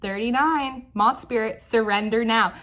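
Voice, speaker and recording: A woman's voice: fairly high pitch, a little slow, sharp tone. A young woman giving a casual, chatty tarot reading, often checking in with "right?" and laughing. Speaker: tarot reader.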